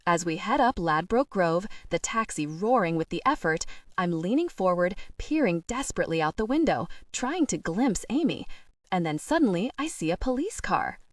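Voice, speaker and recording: A woman reading a first-person novel aloud as an audiobook narrator, expressive and rising into breathless worry. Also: on the low side, normal speed, no echo, studio quality, recorded from a distance.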